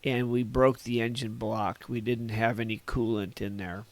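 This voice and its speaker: A man's voice: mid-range voice, little pitch movement, normal speed, no echo. A man in his sixties from Northern California, a podcast guest telling old stories in a rambling, folksy way and chuckling at his own tales. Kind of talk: casual reminiscing storytelling.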